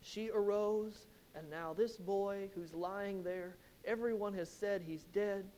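A man's voice: high-pitched, fairly even intonation, slow pace, warm tone, slight background noise. A man preaching an expository sermon, retelling a Bible passage with emphatic storytelling and rhetorical questions.

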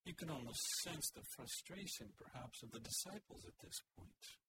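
A man's voice: medium pitch, lively intonation, moderate pace, pushed and bright, low-quality recording. A man preaching an earnest, expository sermon. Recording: hissy recording.

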